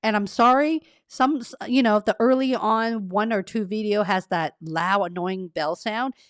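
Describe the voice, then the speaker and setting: A woman hosting a casual career-coaching live stream, talking straight to her viewers in a friendly, rambling way. She reads their comments aloud and laughs at herself as she goes. Her voice sits at a middle pitch, recorded close and dry with no room echo. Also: unhurried. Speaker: career coach and livestream host. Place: carpeted home room treated to cut echo.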